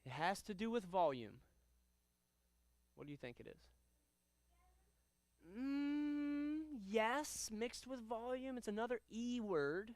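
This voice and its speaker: A young man runs a karate class in a high, crisp voice, barking loud commands and then dropping into easy, chatty asides. The sound is dry and close, with no room echo. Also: sing-song, slow, pauses often. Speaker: karate instructor. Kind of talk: teaching a live martial arts class.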